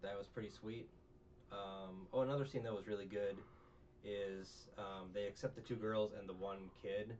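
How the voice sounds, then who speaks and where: Recapping a show in a relaxed podcast chat, a man speaks at normal speed in a lowish, steady, slightly mellow voice. His manner is rambling and jokey, filled with fillers and quoted voices, and the sound is dull, distant and faintly noisy.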